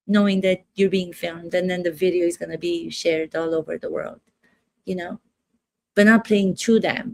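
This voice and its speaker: Gravelly, slow-talking woman acting coach. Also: medium pitch, a little mellow, no room sound. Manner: emphatic, repeats phrases, asks rhetorical questions. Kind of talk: casual commentary to camera.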